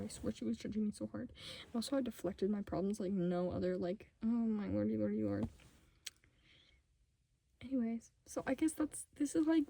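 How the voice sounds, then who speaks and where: A fifteen-year-old girl ranting casually to camera at home, rambling and sidetracked, talking fast in bursts and often dropping to a whisper. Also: medium pitch, creaky, warm tone. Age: 15, teenager. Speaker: vlogger. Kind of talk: casual unscripted rant to camera.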